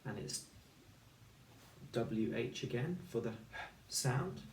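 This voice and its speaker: A man teaching a recorded phonics lesson for children, speaking slowly and clearly and sounding out each letter and word. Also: mid-range voice, animated, darkish tone, a little hiss or hum. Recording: echoey room, voice a little far from the mic.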